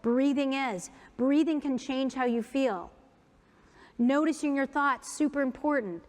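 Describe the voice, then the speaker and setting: A woman giving a keynote talk, leading an audience through breathing and humming exercises. She is upbeat and playful, pokes fun at herself, and slows down for soft, gentle cues. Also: sits high. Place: large conference hall. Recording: long hall reverb.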